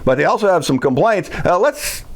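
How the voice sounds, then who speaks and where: A man's voice: sits high, sing-song, brisk. A man sarcastically recapping a city council meeting in a casual monologue, mimicking the speakers as he quotes them.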